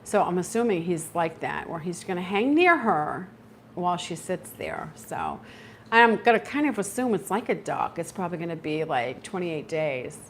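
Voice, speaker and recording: Speaking at normal speed in a lowish voice, a middle-aged homesteading channel host chats casually on a livestream, telling stories and animatedly acting out how she reacted. A little hiss or hum sits under the audio.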